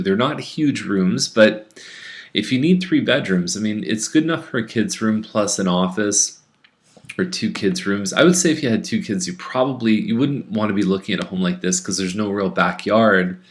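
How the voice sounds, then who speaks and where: A man who is a real estate agent, chatting casually through a rundown of home listings, with fillers and restarts. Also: on the low side. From Canada.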